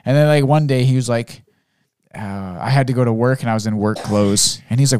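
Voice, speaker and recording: A man in his thirties in casual chat, telling lively, profane stories about his son and acting out the boy's lines. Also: mid-range voice, brisk, smooth, no echo, studio quality. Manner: animated storyteller, swears freely, acts out his son's voice.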